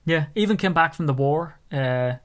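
A man's voice: fairly high pitch, normal speed. A man with an Irish accent co-hosting a podcast, rambling and joking in casual sports chat. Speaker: podcast co-host.

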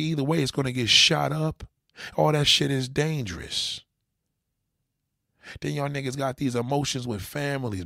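Guy going off in a cussing rant, raspy gravelly voice, no room echo at all. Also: mid-range voice, clean studio sound. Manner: angry, profane, ranting. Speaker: commentator. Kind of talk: profane rant to camera.

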